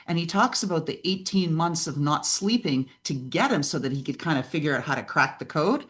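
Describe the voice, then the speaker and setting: Animated woman mentor telling stories. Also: deep voice, moderate pace. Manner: lively storyteller who acts out quoted voices and often asks "right?". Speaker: podcast guest and business mentor. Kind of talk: animated interview conversation.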